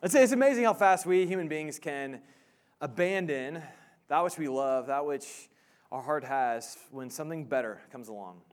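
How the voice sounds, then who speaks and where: A man in his thirties preaching a sermon as pastor, casual and halting, with many fillers and restarts. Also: a little high, lively intonation.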